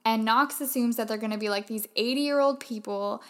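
A chatty woman talking through a film with a co-host, her voice sitting a little high. She explains things at length in a relaxed, conversational way. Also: brisk. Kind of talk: casual conversation.

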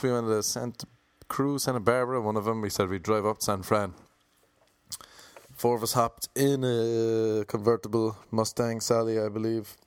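An Irish man telling a rambling, jokey anecdote in a casual way, now and then slipping into quick mock voices for the people in it. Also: fairly low pitch, smooth, no room sound. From Ireland. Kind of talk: casual comedic storytelling.

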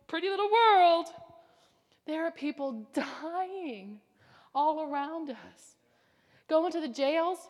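Fervent woman preacher in a reverberant hall. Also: high voice. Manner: fervent, swings between loud declarations and hushed whispers. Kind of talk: sermon.

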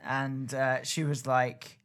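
A man's voice: mid-range voice, little pitch movement, takes it slowly, a bit bright. A young man, co-hosting a casual podcast and telling anecdotes with dry, teasing humour. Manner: wry storyteller, dry teasing. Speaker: podcast co-host. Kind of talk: casual chat.

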